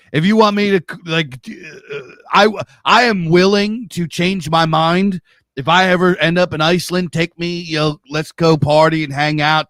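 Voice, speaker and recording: A man's voice: on the high side, fairly bright tone, dry recording, clean studio sound. A man from the United States chatting bluntly on a livestream, opinionated and swearing freely. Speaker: livestream co-host. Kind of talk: casual livestream chat.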